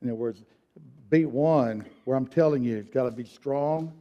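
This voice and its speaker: A man's voice: medium pitch, moderate pace. A man teaching a song leading workshop, counting beats aloud for the group to copy, in a folksy way with many restarts and repeated words. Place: church meeting room. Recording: dull lo-fi sound.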